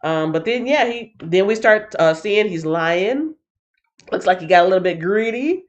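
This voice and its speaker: Animated woman chatting about Bible reading. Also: mid-range voice, normal speed, lo-fi sound. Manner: chatty and animated, with many fillers. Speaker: host of a Bible reading stream, a mother.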